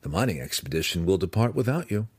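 A man reading aloud, voicing an earnest young male dark elf warrior who speaks with pressing intensity. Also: low-pitched, big pitch swings, quick pace, husky, no echo, full character voice. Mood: intense.

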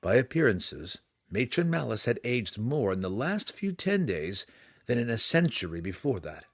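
A man narrating a fantasy audiobook with a dramatic, expressive reading. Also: medium pitch, normal speed, no room sound, studio quality.

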